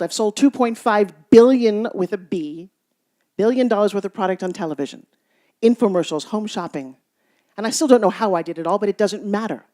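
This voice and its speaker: A motivational speaker with a mid-range voice addresses a live audience, telling stories with playful teasing. She swings between loud bursts and hushed asides.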